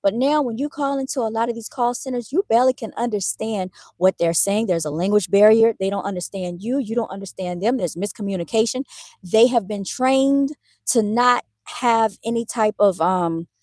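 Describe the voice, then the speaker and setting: A woman's voice: medium pitch, fairly quick, few pauses, mellow, no room sound. A middle-aged woman, ranting in a casual live stream and talking straight to her viewers. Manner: talks straight to viewers, says y'all. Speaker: vlogger.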